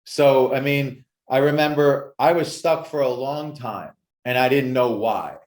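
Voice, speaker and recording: A man who works as an addictions success coach, telling his story with emphatic, animated energy in a podcast interview. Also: medium pitch, measured pace. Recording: roomy echo.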